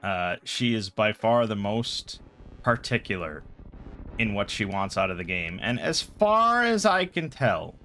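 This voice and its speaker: A man's voice: on the low side, very animated, unhurried, bright, forceful tone, soft background music. A man hosting a casual chat show, retelling a game session in a rambling, exasperated way. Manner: rambling, exasperated storytelling with many fillers. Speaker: podcast host.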